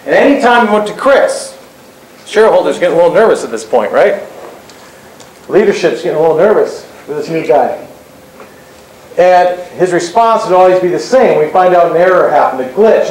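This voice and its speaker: A man's voice: on the high side, darkish tone. A man telling a story to an audience about his employee, in a loose conversational way with asides like "right?". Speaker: employer and co-presenter. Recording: very echoey hall, faint noise.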